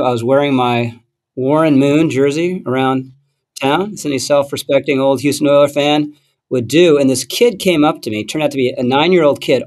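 A man hosting a podcast panel, telling an anecdote in relaxed chat and handing off to panelists. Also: medium pitch. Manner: relaxed storytelling, hands off to panelists. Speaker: podcast host.

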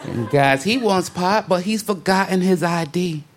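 A male stand-up comedian telling a story in an animated, conversational way and slipping into voices for the people in it. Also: sits high, measured pace, slight background noise.

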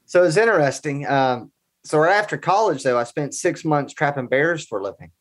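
A man's voice: a little high, animated, brisk. A man in his forties telling personal stories as a guest in a casual interview, in an earnest, conversational way. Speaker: podcast guest.

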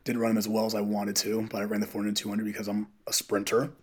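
A man who coaches high school runners, a podcast guest telling stories in a casual, animated way and acting out what people said. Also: quick pace. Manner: animated, quotes people in dialogue. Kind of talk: casual interview storytelling.

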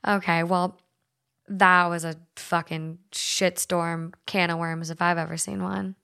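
A woman's voice: fairly low pitch, level tone, measured pace, creaky, sharp tone, clear, resonant tone. A woman from Minnesota hosting a podcast, chatting loosely and reading stories aloud, with lots of "like" and frequent swearing. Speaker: podcast host.

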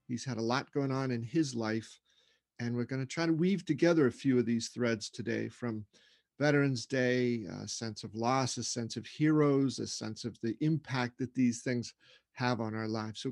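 A man's voice: medium pitch, normal speed, gravelly, a little mellow, no echo, studio quality. A man hosting a podcast, welcoming his guest in a friendly way. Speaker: podcast host. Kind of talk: casual chat.

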